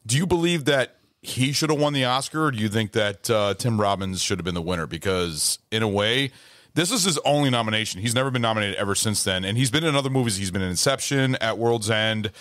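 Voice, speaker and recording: A man's voice: fairly low pitch, animated, fast talker, a bit bright, no room sound, studio quality. A man hosting a movie podcast, sharing trivia and putting questions to his co-hosts in casual chat. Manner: asks questions, shares trivia, some stumbles. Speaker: movie podcast host leading the discussion.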